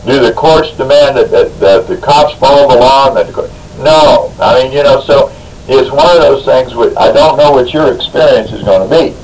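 A man's voice: mid-range voice, darkish tone, a little hiss or hum, poor audio. A man as a radio talk guest, telling a long story in a folksy, rambling way, with stumbling restarts. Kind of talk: radio talk, anecdote and legal commentary.

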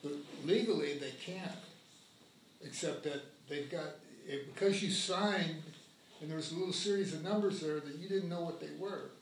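A man in the audience speaks with indignation, halting and swearing as he goes. His voice is somewhat high. He sits well away from the mic in an echoey room with a faint hum. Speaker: audience member. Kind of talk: speaking up at a community meeting. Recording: echoey room heard from far off.

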